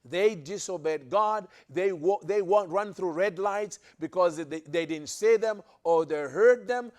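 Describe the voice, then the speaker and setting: Speaking at a measured pace, a high-voiced male preacher teaches his listeners in sermon style. Emphasis comes through repeated phrases, and his sentences often break off and begin again partway through.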